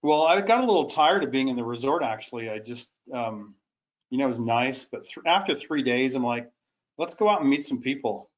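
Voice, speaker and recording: A man's voice: mid-range voice, lively intonation, a little fast. A man on a call, casually telling a story in an easygoing way. His audio is muffled and lo-fi. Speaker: caller. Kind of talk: casual chat.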